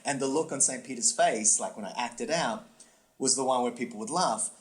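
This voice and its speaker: Animated male comedian storyteller. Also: moderate pace. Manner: animated storyteller, swooping pitch, lots of fillers and restarts. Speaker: podcast co-host and comedy workshop instructor. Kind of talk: casual podcast chat, storytelling.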